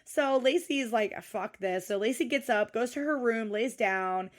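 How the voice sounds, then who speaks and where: A woman's voice: fairly high pitch, moderate pace. A woman co-hosting a podcast in casual recap chat, swearing freely and laughing often. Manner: profane, animated, laughing often. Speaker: podcast co-host.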